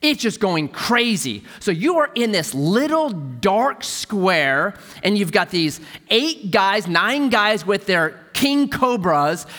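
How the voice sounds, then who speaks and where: Pastor guy preaching, bright tone, jumps all over in pitch, echoey big hall. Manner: animated storytelling, dropping to a hush for emphasis. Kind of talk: sermon.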